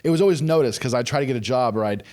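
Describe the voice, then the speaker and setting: A man's voice: medium pitch, rapid-fire, dark tone. Man telling candid, self-deprecating stories. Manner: candid, self-deprecating storyteller with frequent restarts. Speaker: podcast guest, former pro wrestler. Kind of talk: casual podcast chat.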